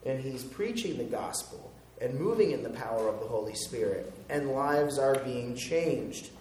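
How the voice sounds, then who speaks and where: A man's voice: mid-range voice, expressive, moderate pace, darkish tone, reverberant, recorded from a distance, slight background noise, low-quality recording. A man preaching a sermon as a pastor, conversational, chuckling at his own jokes.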